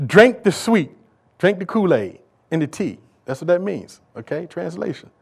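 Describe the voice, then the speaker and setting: A man preaching a sermon, moving from quiet, conversational asides to loud, shouted exhortation, with casual folksy remarks. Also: sits high, big pitch swings, normal speed, vocal fry, slightly rough. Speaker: pastor.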